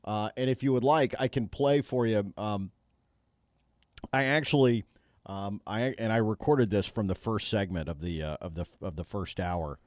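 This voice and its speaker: A man's voice: on the low side, normal speed, dry recording. A man hosting a casual sports radio show from a studio, joking and self-mocking with his guest. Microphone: studio microphone.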